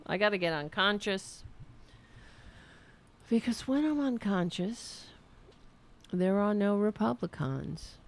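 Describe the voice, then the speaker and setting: Gravelly, slow-talking sardonic woman host. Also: on the low side. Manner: sardonic, profane, rambling. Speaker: show host. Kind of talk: casual livestream talk.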